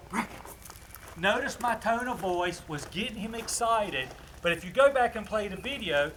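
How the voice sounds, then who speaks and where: A man's voice: high voice, pushed and bright, a little hiss or hum. A man teaching dog obedience training, explaining commands to viewers in a chatty, instructive way while working with a puppy outdoors.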